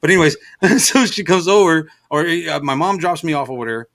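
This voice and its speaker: Man, middle-aged, slightly high voice, profane rambling storytelling, casual stream chat. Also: fairly quick. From Los Angeles area. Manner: rambling, profane, animated storytelling with many fillers. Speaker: stream host.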